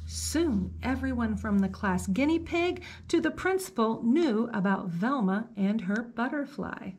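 Librarian reading a storybook to kids, slow, gentle, soft-spoken, woman. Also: a little high, very animated, slightly rough. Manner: slow, gentle, asks the listener questions. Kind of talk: reading a picture book aloud to children.

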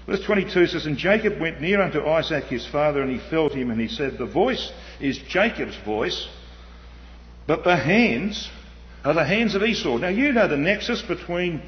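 A man preaching an animated sermon, swinging between loud emphasis and quiet asides. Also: a little high. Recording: dull, muffled hall with long reverb.

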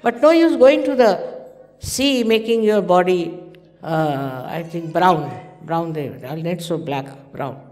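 A woman's voice: on the low side, slow, darkish tone. A woman in her seventies with an Indian English accent, giving an informal spiritual talk in a conversational, story-telling manner and acting out the dialogue of her anecdotes. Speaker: spiritual teacher. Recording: long hall reverb.

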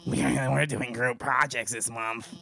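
A man's voice: mid-range voice, fairly even intonation, unhurried, gravelly, pushed and bright, pitched below the performer's own voice. A man voicing a nervous female lizard teacher who stammers and fumbles her words. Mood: flustered. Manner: stammering, flustered.

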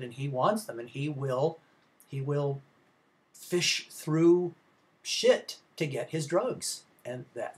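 Male film instructor, mid-pitch, loose, rambling lecture delivery with lots of "uh"s and self-corrections. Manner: rambling, casual, many fillers and restarts. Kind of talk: recorded class lecture.

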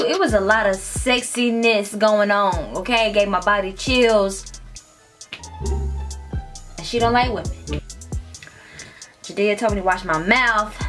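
A woman's voice: mid-range voice, a bit bright. Woman host, music reaction vlog, playful and crude, giggly asides, faint beat under her. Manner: flirty, playful, crude, drops to whispers. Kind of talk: casual reaction commentary.

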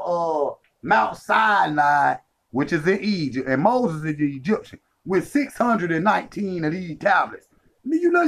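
A man giving a profane, emphatic livestream lecture, repeating his points and calling listeners family. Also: sits high. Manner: emphatic, profane, repetitive street talk.

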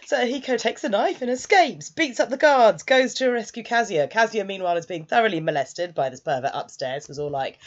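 A woman casually recapping and reviewing an anime, chatty, with quick asides. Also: on the low side, sing-song. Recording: dull lo-fi sound.

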